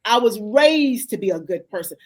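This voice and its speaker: A woman's voice: mid-range voice, expressive, normal speed. A middle-aged woman, a life coach and author, talking as an interview guest in a folksy, heartfelt way that turns to religious testimony. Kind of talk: emotional conversational interview.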